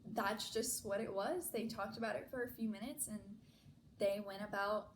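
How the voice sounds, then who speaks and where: A woman's voice: mid-range voice, moderate pace, slight background noise, low-quality recording. A young woman vlogger telling a story in a casual, chatty way, full of "like" fillers. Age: young adult. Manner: chatty, many "like" fillers, animated retelling.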